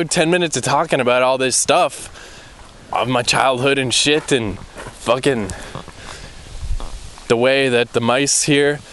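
A man's voice: medium pitch, a bit bright, a little hiss or hum. A man hosting his podcast, rambling and swearing in frustration as he walks along a wooded path outdoors, recorded on a portable battery mic. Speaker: podcast host. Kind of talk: rambling walking monologue. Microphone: battery-powered portable mic.

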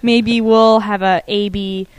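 A woman co-hosting a casual podcast chat, animated and giggly, swearing freely. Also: medium pitch, slow, clear, resonant tone. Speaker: podcast co-host.

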